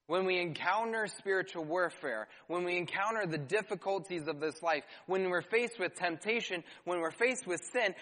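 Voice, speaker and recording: A man's voice: sits high, sharp tone. A man preaching a sermon as pastor, reading scripture aloud and adding rhetorical questions and dry asides. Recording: long hall reverb.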